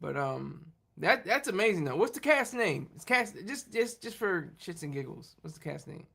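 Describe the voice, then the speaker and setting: A man with a high, bright voice hosts a casual livestream and talks straight to his viewers. He rambles, restarts his sentences and trips over his words as he goes. He sounds loose and unscripted. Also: very animated, vocal fry, slightly rough. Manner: rambling, halting, with many restarts and laughs. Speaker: livestream host talking with viewers. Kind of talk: casual chat.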